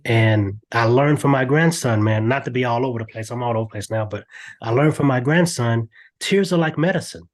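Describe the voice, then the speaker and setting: An older man, a podcast guest, talking earnestly in a lively storytelling way with frequent restarts. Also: mid-range voice, a little fast. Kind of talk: candid podcast interview.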